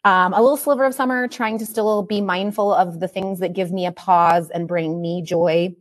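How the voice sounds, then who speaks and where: A woman's voice: on the low side, steady tone, moderate pace, no echo, clean studio sound. A woman in her thirties co-hosting an education podcast, chatting in a reflective, upbeat way. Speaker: podcast co-host. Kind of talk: casual chat.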